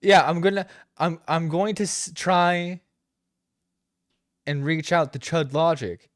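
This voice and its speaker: A man's voice: fairly high pitch, steady tone, slow pace, no room sound, clean studio sound. A man streaming a reaction to a video, swearing and exasperated, stumbling over his words. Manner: profane, exasperated, stammering. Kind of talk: reaction commentary. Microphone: close streaming mic.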